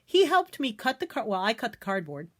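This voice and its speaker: Middle-aged American woman, higher voice, craft vlogger venting to camera, emphatic and indignant. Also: a little fast. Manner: animated, indignant, emphatic repetitions. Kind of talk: casual ranting story to camera.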